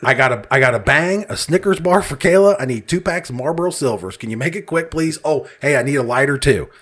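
A man's voice: medium pitch, animated, fast talker, a bit bright. A man telling a casual, comedic story, swearing freely and laughing at his own exasperation as he acts out other people's lines.

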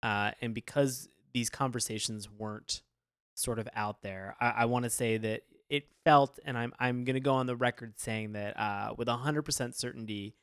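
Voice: mid-range voice, fairly even intonation, moderate pace, smooth, no room sound, clean studio sound. A podcast co-host in casual chat about a cartoon, telling it animatedly and swearing freely.

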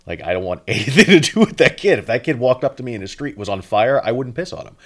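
A man's voice: medium pitch, big pitch swings, fast talker. A man co-hosting a podcast in casual chat, often stumbling over his words and laughing. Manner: stammering restarts, laughs often. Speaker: podcast co-host.

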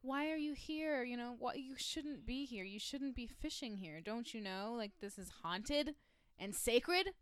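A faceless spirit in the guise of a beautiful young woman, chiding a trespasser, as a woman acts her out. The voice is slightly high and clear, dry and close. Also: lively intonation, unhurried, no room sound. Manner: chiding, warning.

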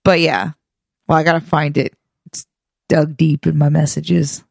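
A woman's voice: low voice, measured pace, gravelly, husky, no room sound. Chatty laughing woman podcast co-host. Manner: chatty, laughs often, animated storytelling. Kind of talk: casual chat.

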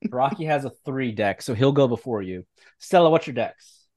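Man in the game master's seat, mid pitch, easygoing, dry close mic. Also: normal speed, dry recording. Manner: relaxed, casual, loose with fillers. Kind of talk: narrating a tabletop game.

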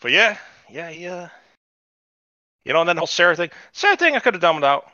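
A man's voice: on the high side, big pitch swings, a little fast, sharp tone, no room sound, lo-fi sound. A man hosting a podcast, recapping in casual, rambling chat full of swearing. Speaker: podcast host.

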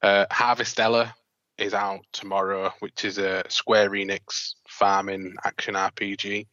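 Flat-toned man, bright. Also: on the low side, a little slow, no room sound, muffled recording. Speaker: podcast co-host. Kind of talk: casual chat.

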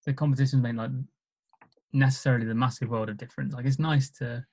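A man's voice: medium pitch, fairly even intonation, fast talker, mellow. A man, a stand-up comedian, chatting casually and self-deprecatingly about his gigs. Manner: self-deprecating, modest, chuckles while telling stories. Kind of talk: casual chat.

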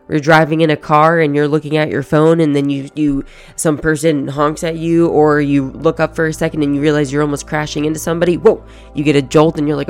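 Casual motivational monologue, gravelly creaky voice, salty language, faint music underneath. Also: mid-range voice, flat delivery, brisk. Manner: casual and profane, acts out inner thoughts.

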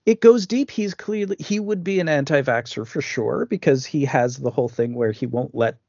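A man's voice: mid-range voice, a little fast, dark tone, no echo, highs cut off. Man with a dry, close voice, analyzing a film. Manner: analytical, makes pop-culture comparisons, repeats words when starting. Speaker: podcast co-host. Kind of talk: casual film discussion chat.

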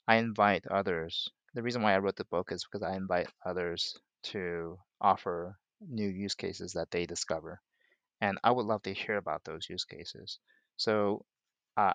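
A man with a very deep voice speaks as a guest author in an interview, calm and earnest. He sometimes repeats words as he gathers his thoughts. The sound is dry and close, with no room echo. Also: lo-fi sound. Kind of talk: casual interview answers.

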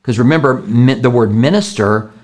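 A man speaking as a pastor, working through questions from viewers one at a time. His voice sits at a middle pitch, and he talks in an earnest, conversational way, restarting and repeating words to press a point. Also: moderate pace, darkish tone. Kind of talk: live question-and-answer teaching.

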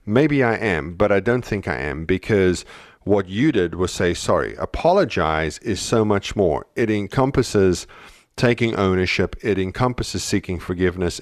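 A man's voice: low voice, dry recording, clean studio sound. A man co-hosting a parenting podcast, talking earnestly and thinking aloud as he goes. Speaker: podcast co-host. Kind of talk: casual podcast discussion.

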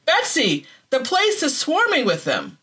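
A woman's voice: lowish voice, sing-song, a little slow, pushed and bright, heavily acted. A woman reading the part of a frightened, exasperated woman prisoner, crying out in alarm and disbelief. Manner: alarmed cries, incredulous.

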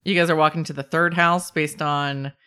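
A woman narrating as game master of a tabletop game, relaxed and quick to laugh. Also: deep voice, clear, resonant tone.

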